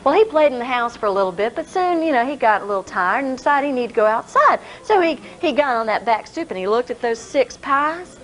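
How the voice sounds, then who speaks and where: A woman's voice: high-pitched, rough recording. Folksy woman telling a story. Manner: folksy, expressive, drawn-out. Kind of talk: live folk storytelling.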